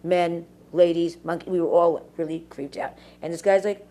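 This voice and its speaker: A woman's voice: on the low side, steady tone, moderate pace, warm tone. A woman ranting casually to camera in a rambling, profane way, full of fillers. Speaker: vlogger.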